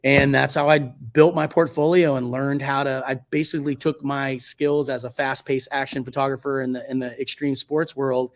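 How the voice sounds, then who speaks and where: A middle-pitched man in his forties talks through his past in a casual interview. He rambles, restarts sentences and leans on fillers like "like" and "you know". When he quotes other people, his voice jumps up high. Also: flat delivery, moderate pace, few pauses. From Virginia Beach, United States. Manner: chatty, rambling, many fillers and self-corrections; acts out quoted speech in a much higher voice. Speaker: guest photographer.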